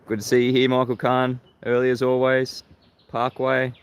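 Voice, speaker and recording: Australian man, livestream host, combative and mocking, laughs at critics, mid-pitched voice. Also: monotone, moderate pace, clean tone. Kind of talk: live-stream monologue greeting viewers.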